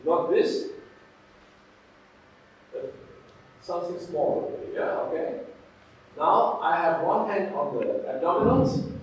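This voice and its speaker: In an echoey hall, a physiotherapy lecturer addresses a workshop audience in a high, expressive voice, speaking slowly with long pauses and stressing his points while checking in with "okay?" and "yeah?". He's far from the mic, and there's a little hiss or hum.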